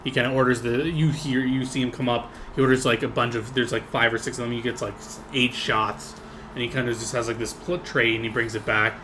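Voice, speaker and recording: A man's voice: mid-range voice, little pitch movement, a little fast, noisy background. A man narrating as game master in a casual, rambling way with lots of fillers.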